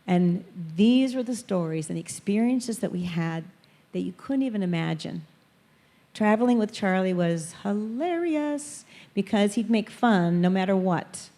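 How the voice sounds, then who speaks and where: Mellow-voiced woman telling church stories. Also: mid-range voice, normal speed, creaky. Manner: animated storyteller, acts out quoted voices. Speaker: guest speaker at a church. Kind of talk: storytelling testimony talk.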